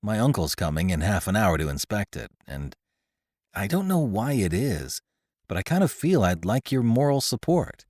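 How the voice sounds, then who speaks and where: A man voicing an anxious, gloomy young artist who speaks in a low, doubtful, hesitant way. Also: sing-song, moderate pace, darkish tone, dry recording, clean studio sound. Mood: glum.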